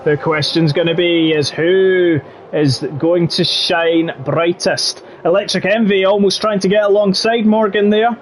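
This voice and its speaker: A man with a strikingly high voice commentates a sim racing league live, rambling and chatty one moment, calling the action at full tilt the next. A faint hum of background noise sits under his voice. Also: measured pace. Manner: chatty, rises to excited shouting at race action. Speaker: lead race commentator.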